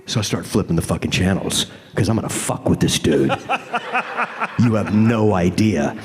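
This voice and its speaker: A man's voice: deep voice, moderate pace, a little mellow, long reverb tail. A man on a convention panel stage, telling a comic story full of swearing and stammered restarts. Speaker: actor on a fan convention panel.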